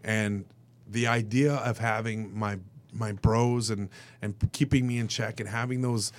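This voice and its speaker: A man, an actor guest on a radio show, telling stories in a casual, animated way and acting out the voices of the people in them. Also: lowish voice, unhurried, slight background noise. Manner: animated, acts out quoted voices, turns emotional. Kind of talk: casual storytelling in a radio interview.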